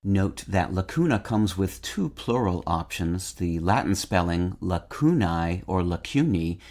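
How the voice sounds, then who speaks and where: A man with a very low voice reads a short dictionary script. His delivery is measured and precise, and he spells out each word letter by letter. He sounds middle-aged and steady. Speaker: word-of-the-day host. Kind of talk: scripted dictionary podcast reading.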